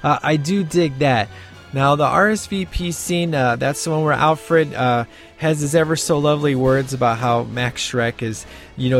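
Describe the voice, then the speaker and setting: A man's voice: fairly high pitch, normal speed. Man, casual film reviewer, rambling chatty delivery, faint music underneath. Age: adult with a child. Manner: rambling, lots of fillers and restarts.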